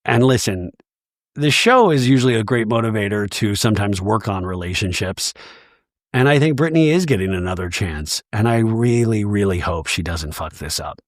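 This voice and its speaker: Man, podcast host, casual recap chat, animated, very expressive pitch. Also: normal speed, no echo, clean studio sound. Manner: animated, acts out quoted lines.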